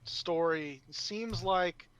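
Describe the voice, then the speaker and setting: A man's voice: high voice, very slow, fairly bright tone. A man co-hosting a podcast in casual chat, tentative and thinking aloud as he goes. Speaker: podcast co-host. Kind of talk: casual chat about a comic.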